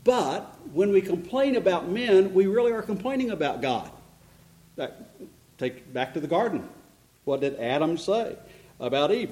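A man preaching an expository sermon in a church, animated and climbing in pitch to stress points, with frequent restarts. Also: moderate pace, low-quality recording. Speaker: pastor.

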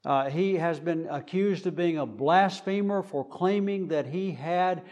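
A man preaching a sermon, speaking deliberately with frequent fillers. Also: fairly high pitch, darkish tone, lo-fi sound.

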